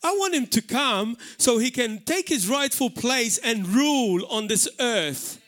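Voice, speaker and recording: High-voiced Maltese man preaching. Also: a little slow. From Malta. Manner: animated preaching, shouting out acted warnings. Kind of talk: sermon. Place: church hall.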